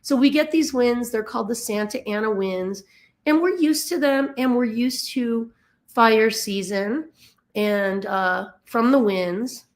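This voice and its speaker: A woman from the Los Angeles area, emotionally tired, explaining things casually in a halting way, with many fillers and stumbles. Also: on the high side. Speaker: dog rescue volunteer. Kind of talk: casual explainer while sharing a map on screen.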